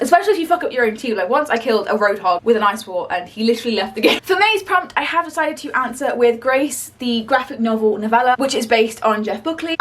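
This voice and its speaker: A woman's voice: fairly high pitch, far from the mic. A woman chatting casually as a book vlogger, blunt and breezy, swearing now and then. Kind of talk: casual vlog chat.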